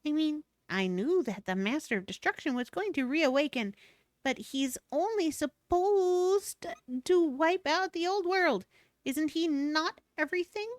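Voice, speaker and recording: A woman's voice: high-pitched, animated, unhurried, no room sound, studio quality. Woman putting on a chirpy little monster. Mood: worried. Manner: bubbly, mangles words playfully. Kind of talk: reading game dialogue aloud on stream.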